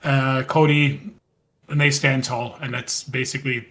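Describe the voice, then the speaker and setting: A man's voice: mid-range voice, flat delivery, a little slow, sharp tone. A man co-hosting a podcast, chatting casually and retelling scenes at a rambling pace with quoted lines. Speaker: podcast co-host. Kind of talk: casual wrestling recap chat.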